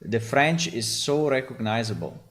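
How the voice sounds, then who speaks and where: A man's voice: mid-range voice, lively intonation, a little slow, fairly bright tone. A man with an Italian accent and Italian as his first language, a game developer rambling casually about AI voices, often repeating himself. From Italy.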